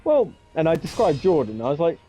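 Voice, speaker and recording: A man's voice: on the high side, very animated, fairly quick, mellow, faint music behind. A young man, casually telling a long story full of swearing and acting out both sides of each conversation. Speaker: gamer streamer.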